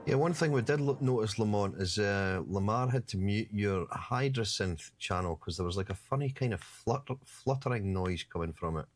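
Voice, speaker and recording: A man's voice: on the low side, normal speed, hardly any pauses. A man hosting a live studio stream, chatting casually, joking and laughing often. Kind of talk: casual banter.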